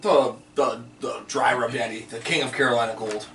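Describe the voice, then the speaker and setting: A man's voice: medium pitch, fairly even intonation, moderate pace, pushed and bright, far from the mic. Man, podcast host, casual joking banter, echoey room, faint background noise. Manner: laid-back, joking banter. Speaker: podcast host keeping the scores. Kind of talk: casual chat.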